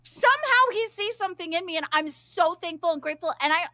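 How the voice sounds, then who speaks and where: A high-voiced woman, a regular on a livestream show, talks in a heated, emphatic way. Her voice is bright and edged and goes squeaky when she gets loud. The sound is dry and close. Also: lively intonation, fast talker, dry recording. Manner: worked-up, emphatic ranting. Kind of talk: livestream reaction chat.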